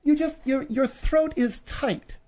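A man's voice: very high voice, darkish tone, voice pushed up. A man voicing a prim, scolding middle-aged woman, a sidekick in a radio studio who teases the host. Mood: prim teasing. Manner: prim, teasing, quick to scold.

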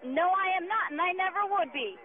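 A young woman in her twenties calls into a talk show, firm and indignant in what she says. Her voice is high, and it comes through a dull, lo-fi phone line with faint music in the background. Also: lively intonation, fast talker, crowd noise. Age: 20s. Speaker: caller.

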